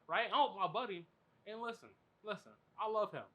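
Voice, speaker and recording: A man hosting a podcast, telling a story in animated, profane, filler-heavy casual chat. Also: high-pitched, brisk. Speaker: podcast host.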